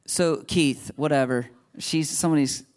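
A man preaching to a live congregation, with a voice that sits on the high side for a man. He talks loosely and conversationally and breaks off into self-deprecating jokes before returning to his point. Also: normal speed. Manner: conversational, joking asides, laughs at himself. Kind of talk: sermon.

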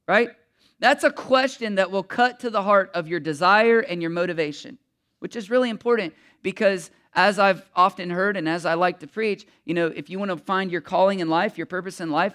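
A man's voice: sits high, fairly bright tone. A man preaching a sermon in a candid, conversational way, full of asides and fillers, who gets emotional as he speaks. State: emotional, voice catching. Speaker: pastor.

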